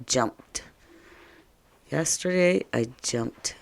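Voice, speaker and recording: A woman teaching a first-grade lesson, speaking slowly and playfully to young children. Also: low-pitched, animated, no room sound.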